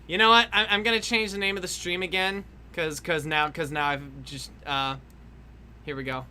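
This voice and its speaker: Livestream artist, rambling chat, frequent laughs and swearing, tense bright voice. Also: mid-range voice, fairly even intonation, normal speed, a little hiss or hum. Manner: rambling, swears freely, laughs often, restarts lots. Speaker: artist livestreaming while drawing. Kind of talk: casual rambling stream chat.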